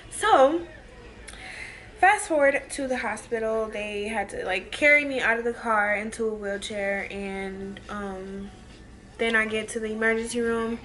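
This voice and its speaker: A woman's voice: mid-range voice, sharp tone. A twenty-year-old woman telling a personal story in a casual, chatty vlog, often addressing viewers as y'all. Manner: chatty, emotional retelling full of "like" and "y'all". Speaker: vlogger.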